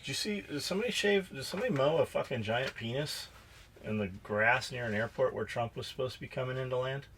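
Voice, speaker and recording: A middle-aged man in casual podcast talk, swearing freely as he acts out conversations. His voice sits at an ordinary middle pitch for a man. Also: fast, a bit bright, slight background noise. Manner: profane storyteller acting out dialogue. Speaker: podcast co-host and shop owner.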